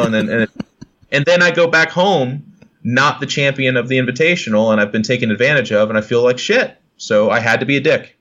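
A man chats bluntly as a podcast guest. He swears freely and slips into short impressions of other people. His voice comes through dull and lo-fi, at a middling pitch. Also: a little fast, a bit bright. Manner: blunt and profane, acts out quoted people. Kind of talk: casual podcast chat.

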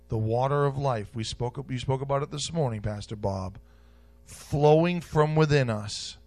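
A man preaching a sermon in a church, repeating key phrases and swinging between loud declarations and soft asides. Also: medium pitch.

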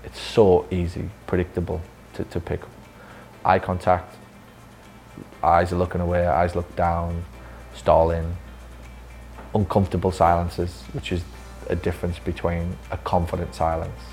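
A man's voice: low-pitched, completely flat delivery, unhurried, pauses often, a little mellow, faint music behind. A man training clinic staff in a casual talk, swearing freely and acting out conversations. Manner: blunt, swears freely, acts out dialogue. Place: physiotherapy clinic room, with staff.

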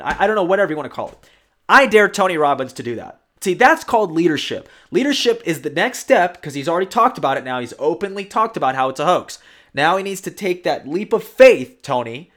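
Brief: male commentary host, fairly high voice, rambling, emphatic, leans on tag questions. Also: lively intonation, fast talker, fairly bright tone. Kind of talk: opinionated commentary monologue.

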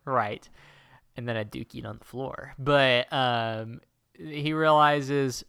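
A man's voice: medium pitch, steady tone, slow, creaky, pushed and bright, clear, resonant tone, no echo, studio quality. A man co-hosting a casual comedic chat, recapping a plot in a rambling, jokey way and doing silly quoted voices. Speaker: podcast co-host.

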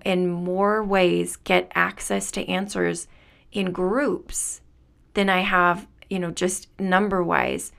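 A woman's voice: mid-range voice, creaky, fairly bright tone. A woman hosting a spiritual podcast, talking in an earnest, enthusiastic way and laughing often. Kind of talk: reflective spiritual monologue.

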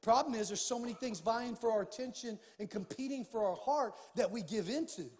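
High-voiced pastor preaching in a reverberant hall. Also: male voice, a little fast, a little mellow. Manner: preaching with rising fervor, casual folksy asides. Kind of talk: sermon. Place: large church sanctuary.

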